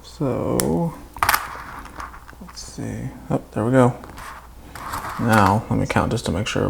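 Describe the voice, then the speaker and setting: Gravelly-voiced man narrating a build. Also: mid-range voice, animated, slow, pauses often, background noise. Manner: chatty, self-mocking asides. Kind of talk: casual build commentary.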